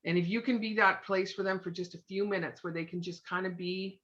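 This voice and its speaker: A woman's voice: lowish voice, fairly even intonation, a little fast, a bit bright. A middle-aged woman leading a live coaching talk, chatty and encouraging, often acting out little everyday scenes. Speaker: sales team trainer. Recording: muffled lo-fi room sound.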